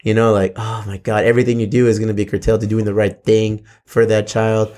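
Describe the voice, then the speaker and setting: A laid-back man, talking casually as a podcast co-host. His voice sits fairly low, and he swears freely and keeps calling people bro. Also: flat delivery, fast talker, mellow. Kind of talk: casual chat.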